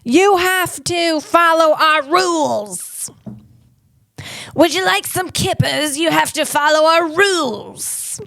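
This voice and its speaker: A woman voicing a mock pompous British colonial official in a drawn-out, lofty, mocking voice. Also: fairly high pitch, a bit bright, clear, resonant tone, dry recording.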